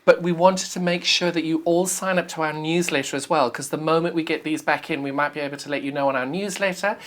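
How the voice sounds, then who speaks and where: A low-voiced, fast-talking South African woman hosts a live sewing shopping show. Her pitch is gushing and eager, pressing viewers with urgency to make a purchase.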